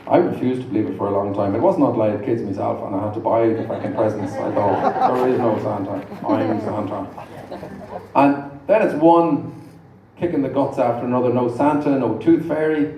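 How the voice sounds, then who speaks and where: A man's voice: medium pitch, a little fast, highs cut off, crowd noise. A middle-aged man performing stand-up comedy, dry and self-deprecating, with rambling asides. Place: large live venue with audience. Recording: echoey hall, distant mic, noisy. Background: audience laughter.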